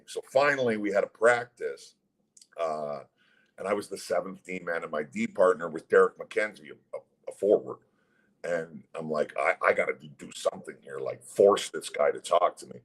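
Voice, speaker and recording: A man's voice: sits low, rough recording. A middle-aged man, a former pro hockey player, bluntly telling a story with constant swearing as a guest. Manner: blunt, heavy swearing, animated retelling. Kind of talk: casual storytelling.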